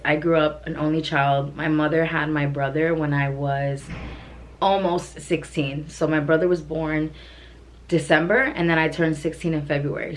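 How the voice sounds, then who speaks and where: A woman vlogger chatting casually and gushingly, her speech full of "like" and "literally". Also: low voice. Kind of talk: casual vlog chat.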